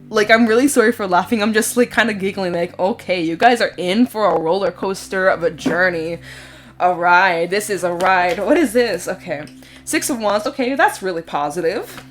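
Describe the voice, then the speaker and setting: A woman giving a casual tarot reading in a chatty, expressive way, sometimes giggling and swearing casually. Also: medium pitch, normal speed. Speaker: tarot reader. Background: soft background music.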